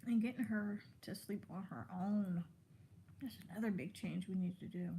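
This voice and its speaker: A pregnant vlogger in her twenties chats casually to the camera between bites, rambling from one topic to another while full from eating. Her mid-range voice is mellow and moderately paced, with a little hiss or hum on the recording.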